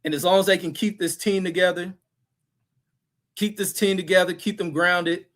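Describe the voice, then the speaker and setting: A man's voice: high-pitched, steady tone, moderate pace, fairly bright tone. A man hosting a livestream, reading chat comments and ranting about basketball in a loose, profane, repetitive way. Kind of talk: casual profane sports rant.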